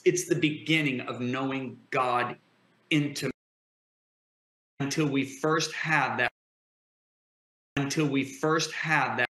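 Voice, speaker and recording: A man talks like a fervent preacher, emphatic and driving. His voice is bright and forceful. The sound bounces around an echoey room. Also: on the high side. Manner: emphatic, builds to impassioned declarations. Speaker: guest preacher.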